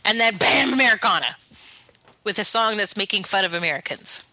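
A woman's voice: medium pitch, expressive, brisk, bright, forceful tone, no room sound, low-quality recording. A Canadian woman co-hosting a podcast, telling stories in casual chat with lots of fillers. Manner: chatty, storytelling with fillers. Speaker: podcast co-host.

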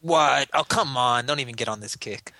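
A man's voice: mid-range voice, normal speed, bright, forceful tone, no echo. A man co-hosting a casual podcast, rambling with sarcastic asides. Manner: rambling, hesitant, lots of fillers and restarts, sarcastic. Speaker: podcast co-host. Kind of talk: casual chat.

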